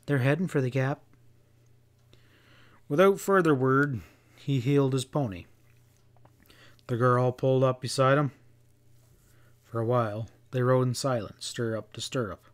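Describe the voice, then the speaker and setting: A man's voice: mid-range voice, moderate pace, long pauses. Man narrating a western audiobook.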